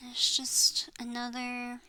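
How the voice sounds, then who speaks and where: A woman's voice: on the high side, monotone, slow, pushed and bright, smooth, rough recording. A woman in her thirties rambling in a personal vlog, frustrated, trailing off and swearing as she vents. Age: 30s. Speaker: vlogger. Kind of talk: rambling personal venting monologue.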